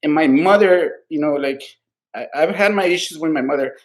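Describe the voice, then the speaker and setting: Podcast co-host, male, slightly raised pitch, rambling and heartfelt, curses freely, keeps checking in with "right?". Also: normal speed. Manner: earnest, rambling, heavy swearing, constant "right?" tags; heartfelt, openly emotional about his values. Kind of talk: casual political podcast discussion.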